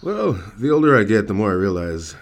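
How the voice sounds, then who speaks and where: Male podcast co-host, very low voice, casual comedic rambling, lots of ums. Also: big pitch swings. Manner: rambling, joking, halting with many fillers.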